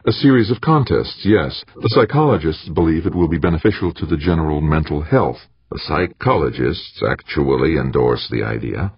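A man's voice: extremely low pitch, animated, normal speed, few pauses, breathy edge, no echo, exaggerated voice. A man voicing a scheming male official who speaks in a polite, soothing, ingratiating way. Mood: persuasive. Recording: dull, muffled audiobook recording.

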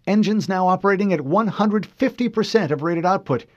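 A man voicing a tense female helm officer giving tight, clipped status reports, pitched high. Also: fairly quick, a little mellow, dull audio, lightly acted.

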